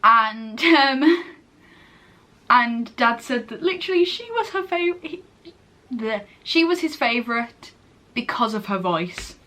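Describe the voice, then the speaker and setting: Slowly but animatedly, a late-teen vlogger from England gushes through a rambling casual chat, often breaking off mid-thought. Her voice is a little high, bright and forceful.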